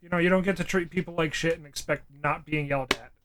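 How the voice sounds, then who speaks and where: A man's voice: a little high, steady tone, fast talker, fairly bright tone. A man co-hosting a casual podcast, chiming in with blunt quips. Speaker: podcast co-host. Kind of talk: casual chat.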